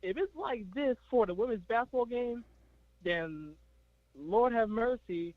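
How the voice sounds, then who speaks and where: Dzwoniący mężczyzna o wysokim głosie, pełno „like” i zacięć, głuchy dźwięk połączenia. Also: male voice, very high voice, animated, measured pace, dry recording. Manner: stammering, many fillers. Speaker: caller. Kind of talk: casual sports chat. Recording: dull call-in audio.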